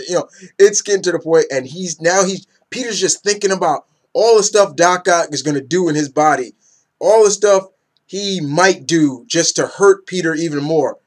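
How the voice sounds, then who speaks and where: A young man in a casual, rambling comic book review who gets excited and acts out characters' lines. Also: fairly high pitch, moderate pace.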